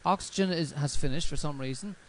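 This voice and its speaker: A man hosting a radio show, talking in a relaxed, rambling way with many fillers. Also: on the high side, fairly quick, slight background noise, low-quality recording. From Ireland. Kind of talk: casual chat.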